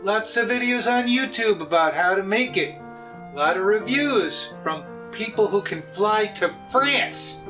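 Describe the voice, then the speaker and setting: A man, hosting a casual cooking vlog in a joking, often loud way. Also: high voice, expressive, unhurried, music in the background. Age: 60s. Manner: jokey, often laughs and raises his voice. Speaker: cooking video host.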